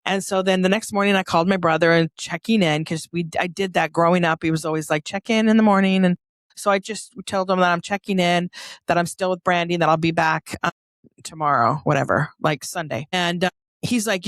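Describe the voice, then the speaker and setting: A middle-aged woman from Northern California, a podcast guest telling a personal story in a lively, chatty way and acting out the dialogue. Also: fairly low pitch, brisk, dry recording, clean studio sound.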